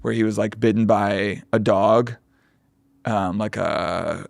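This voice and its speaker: A young man co-hosting a podcast, ranting with sarcastic, quick asides in casual banter, close to the mic. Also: fairly low pitch, fairly even intonation, vocal fry, dry recording. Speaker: podcast co-host.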